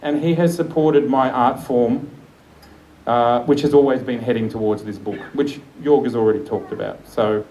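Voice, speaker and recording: A man's voice: medium pitch, fairly even intonation, normal speed, mellow, poor audio. A man in his forties, a photographer, giving a chatty, enthusiastic live speech at a book launch and often laughing. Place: event room with an audience.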